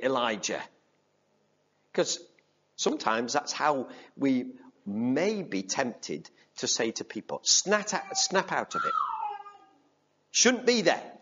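A man's voice: medium pitch, slightly rough, highs cut off. A man preaching a sermon, reading scripture aloud and repeating key phrases for emphasis in a conversational way.

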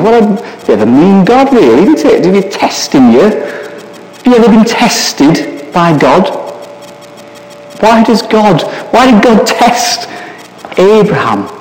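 A man preaching in a church hall, his voice sitting a little high and swinging widely in pitch. He speaks slowly and keeps turning to his listeners with questions. Long reverb trails every phrase. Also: sing-song, a little mellow. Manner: asks the listeners many searching questions. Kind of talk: sermon.

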